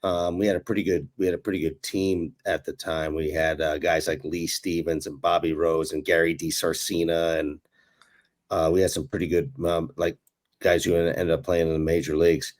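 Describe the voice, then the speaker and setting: A man, a former ballplayer, co-hosting a casual sports talk show and telling animated stories with chuckles. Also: low-pitched, moderate pace. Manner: animated storyteller who chuckles while recalling. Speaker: podcast co-host, former pro ballplayer.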